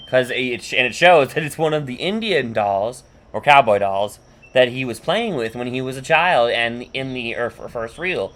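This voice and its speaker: A man's voice: medium pitch, normal speed, fairly bright tone. A man hosting a podcast, recapping a cartoon episode in a loose, rambling way, swearing often and filling gaps with "um" and "like". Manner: rambling, profane, full of fillers and restarts. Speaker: podcast host.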